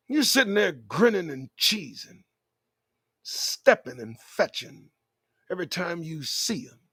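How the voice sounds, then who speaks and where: A man's voice: on the high side, husky, no room sound. A man hosting his own show, delivering a profane commentary monologue full of rhetorical questions. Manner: animated, swearing, rhetorical questions. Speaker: show host.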